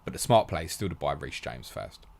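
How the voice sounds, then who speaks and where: A man with a low voice runs a live question stream. He is brisk and matey, reading each question aloud and then answering it. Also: big pitch swings, gravelly, a little mellow. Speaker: podcast host.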